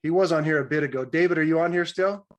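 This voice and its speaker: A man's voice: a little high, quick pace. A man introducing a speaker on a video call, hesitant and trailing off. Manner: hesitant, throat-clearing, trailing off. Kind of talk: casual talk on a video call.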